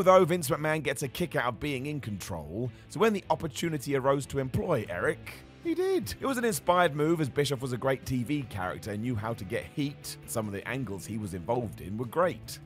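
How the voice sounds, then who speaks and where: Animated, slightly hoarse male voiceover host. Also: mid-range voice. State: slightly hoarse, losing his voice. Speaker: host of a wrestling countdown channel. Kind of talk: scripted voiceover countdown.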